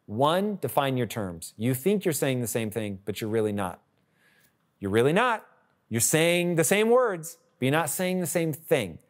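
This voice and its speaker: A man's voice: mid-range voice, sing-song, unhurried. A man hosting a podcast, giving blunt, emphatic advice and swearing casually. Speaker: podcast host. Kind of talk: candid advice talk.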